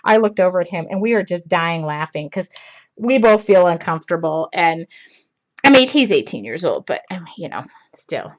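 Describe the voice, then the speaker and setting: A woman's voice: lowish voice, sing-song, moderate pace. A woman in her forties hosting a craft livestream, telling a rambling story with a laugh and poking fun at herself while she works. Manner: rambling, laughing, self-deprecating. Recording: lo-fi livestream audio.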